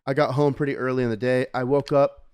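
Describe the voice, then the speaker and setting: A young man co-hosting a podcast, telling a long, meandering story with filler words and casual swearing. His voice sits at a middling pitch. It is recorded close and dry, with no room sound. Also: steady tone, fast talker, a little mellow, smooth, dry recording. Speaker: podcast co-host. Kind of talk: casual chat.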